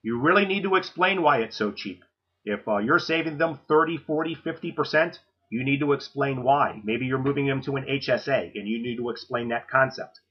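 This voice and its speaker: A man with a husky, slightly rough voice talks through a sales training session. He coaches in a direct, no-nonsense way and keeps checking in with his listeners. The recording sounds muffled and lo-fi. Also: mid-range voice, fairly quick. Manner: direct coaching, frequent "okay?" check-ins.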